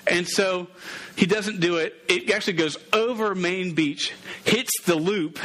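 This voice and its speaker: A man's voice: sits high, steady tone, measured pace, sharp tone. A man giving a casual, playful sermon as a youth pastor, calling out to his group. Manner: playful, interactive, calls out to the group.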